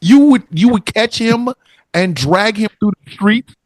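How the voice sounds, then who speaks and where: A man hosting a casual comedy podcast, profane and animated, often acting out quotes in other voices. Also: sits high, measured pace, dry recording, studio quality. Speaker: podcast host.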